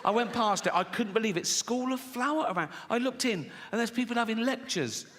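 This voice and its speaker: Laughing at his own jokes, a middle-aged man delivers sardonic, profanity-laced stand-up on a large theatre stage. His voice sits high with a fairly bright tone and a fairly quick pace, amid live hall reverb and faint noise.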